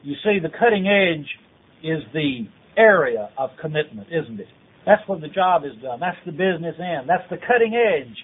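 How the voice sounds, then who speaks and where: A man preaches with an earnest, urging push, hammering his points through repeated phrases. His voice sits high for a man. The tape sounds thin and tinny, almost like a phone line. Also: animated, moderate pace, husky. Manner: earnest, exhortative, repetitive phrasing. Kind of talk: taped sermon.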